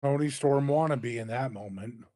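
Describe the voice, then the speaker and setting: A man's voice: medium pitch, normal speed, dark tone, no room sound, clean studio sound. A man co-hosting a wrestling review in casual chat, blunt and dismissive. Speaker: wrestling show co-host.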